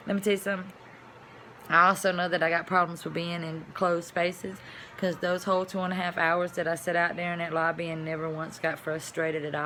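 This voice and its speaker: A woman vlogger telling a personal story to camera, chatty and animated, dropping to hushed asides and rising to loud exclamations. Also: lowish voice, a little fast, a little hiss or hum. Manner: chatty, addresses viewers as y'all.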